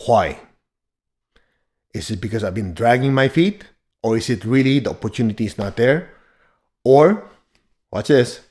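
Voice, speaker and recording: A man's voice: medium pitch, darkish tone. A man giving a motivational teaching talk as a spiritual teacher, blunt and emphatic, joking and laughing as he drives points home.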